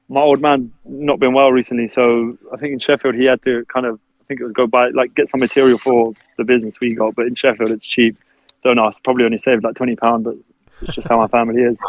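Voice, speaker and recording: A man's voice: mid-range voice, no echo, dull audio. A man, a basketball player, chatting casually as a podcast guest, laughing often and acting out what his family says. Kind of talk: casual interview chat.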